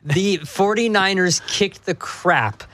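A man's voice: sits high, slow pace, fairly bright tone, no echo. Blunt, ranting male sports radio co-host.

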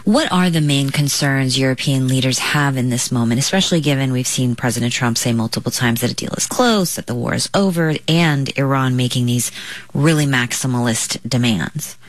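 A radio news host introducing a guest and asking questions calmly. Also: medium pitch, moderate pace, dry recording. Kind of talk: live interview.

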